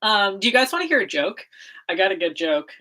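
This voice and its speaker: A woman's voice: mid-range voice, very animated, a little fast, bright, forceful tone, a little hiss or hum. A young American woman chatting casually on a livestream, bubbly and giggly, full of fillers and laughter. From United States. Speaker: livestream host.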